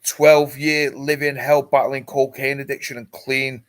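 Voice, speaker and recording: A man's voice: medium pitch, flat delivery, a little slow. A man hosting a casual livestream, chatting with many fillers and reading out viewer comments. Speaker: livestream host. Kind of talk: casual chat.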